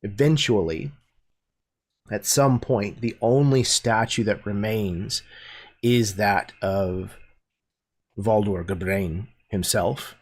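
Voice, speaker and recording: Low, husky male game master; slow, descriptive narrator. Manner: descriptive, unhurried, with many fillers.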